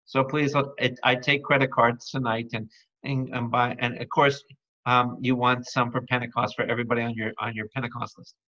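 Priest leading a Bible study: man, bright tone, slow and playful, dull lo-fi recording. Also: mid-range voice, little pitch movement. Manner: calls out to the audience with repeated questions; playful, jokes and breaks into song. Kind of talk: lively Bible study teaching.

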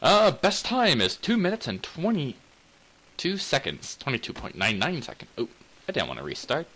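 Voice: medium pitch, wildly swooping pitch, normal speed, a bit bright, slight background noise, low-quality recording. A gameplay commentator, playful and giggly, who talks as the cat in mock outrage and breaks into sing-song bits and meows. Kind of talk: let's play commentary.

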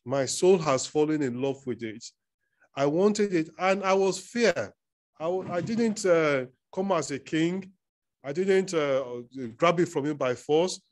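A man's voice: a little high, animated, unhurried, pitched above the performer's own voice. A man doing a sulking, whiny king. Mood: aggrieved. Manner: whiny, aggrieved pleading. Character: sulking, self-pitying grown king, male.

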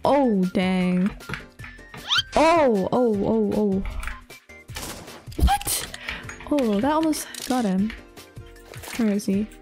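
A woman giving casual, excitable commentary over her own gameplay, laughing and exclaiming often. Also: mid-range voice, takes it slowly, pauses often, music in the background. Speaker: gaming YouTuber.

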